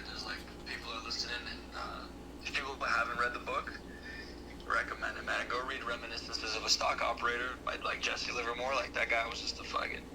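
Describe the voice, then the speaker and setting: A young man talks in a flat, monotone way, full of slang, swearing and "like" fillers. A clear layer of background noise runs under his voice. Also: mid-range voice. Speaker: guest trader on stream. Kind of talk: casual chat.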